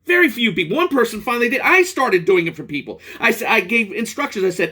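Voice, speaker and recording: Angry man ranting, lively high voice. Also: fast, few pauses, slightly rough. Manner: angry, profane, rambling rant with restarts. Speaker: product reviewer. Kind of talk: ranting vlog.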